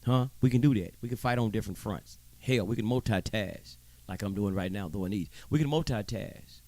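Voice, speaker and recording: A man's voice: lowish voice, moderate pace, darkish tone. A man hosting his own show, delivering a heated, profane commentary monologue with preachy emphasis and stammering repeats. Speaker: show host.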